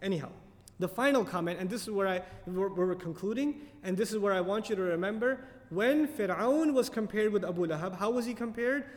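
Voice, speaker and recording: A man with a high voice teaches a tafsir lecture to his audience. He talks fast and with animation, often asking them questions. The recording has the long reverb of a hall. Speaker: Quran teacher.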